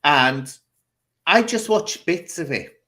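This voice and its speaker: A man's voice: fairly high pitch, lively intonation, slow, sharp tone. Chatty man telling a story. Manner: chatty, theatrical, laughs while telling stories. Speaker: host. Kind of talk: casual chat show storytelling.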